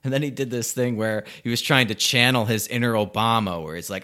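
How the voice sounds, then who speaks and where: A man's voice: on the low side, fairly even intonation, a little fast, hardly any pauses, bright, forceful tone. A young man ranting about politics in casual, profane talk, sarcastic and laughing between sentences. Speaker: political commentator.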